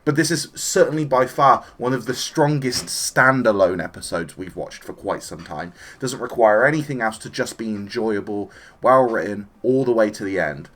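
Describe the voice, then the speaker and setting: This is a lowish male voice at a moderate pace. He talks through an anime episode with relaxed enthusiasm, lively and chatty, occasionally voicing the characters' dialogue.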